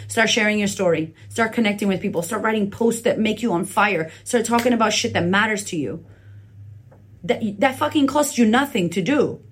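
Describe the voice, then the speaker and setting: A woman's voice: fairly high pitch, breathy edge. A woman podcast host giving a blunt, profane motivational talk, recorded indoors on a phone leaning on a laptop. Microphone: phone camera leaning on a laptop.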